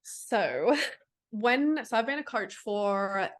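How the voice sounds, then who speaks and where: A woman's voice: on the high side, expressive, slow pace. A woman who works as an online fitness coach, talking candidly and bluntly as a podcast guest, swearing freely and using lots of fillers. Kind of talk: casual interview chat.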